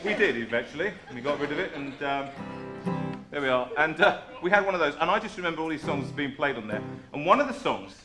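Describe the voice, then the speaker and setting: A man's voice: fairly high pitch, lively intonation, fast talker, echoey room. A man hosting a live music show, chatting in a jokey, teasing way between songs. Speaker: singer and host of a live show. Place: music room before a live audience.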